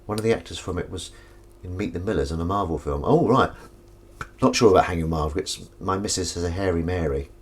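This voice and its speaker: A man livestreams from his kitchen while washing up, chatting casually with viewers and reading their comments in a rambling, self-mocking way. His voice sits low and is slightly rough, and he talks fast.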